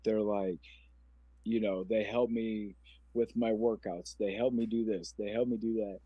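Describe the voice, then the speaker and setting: A man's voice: on the low side, fairly even intonation, a little slow, slightly rough, dry recording, highs cut off. A man in his forties from Omaha, Nebraska, telling his personal story as a podcast guest in an earnest, rambling, emotional way. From Omaha, Nebraska, USA. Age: 40s.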